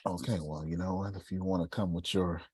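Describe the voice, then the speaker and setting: A man's voice: low voice, steady tone, a little fast, darkish tone, breathy edge, no echo. A man from Texas hosting a motivational group call, preaching and building up to emphatic urging. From Galveston, Texas. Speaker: host.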